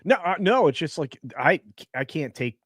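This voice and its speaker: A man's voice: on the high side, very animated, normal speed, fairly bright tone, no room sound, clean studio sound. A man co-hosting a casual online pop culture show, rambling and hesitating with many fillers. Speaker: podcast co-host. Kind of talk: casual panel chat.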